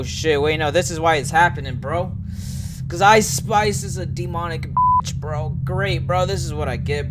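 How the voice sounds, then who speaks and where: Young man, gaming streamer, let's play commentary, crude joking banter, yelps at scares, slightly high voice. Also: noisy background. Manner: joking, profane, talks to himself; shouts when startled.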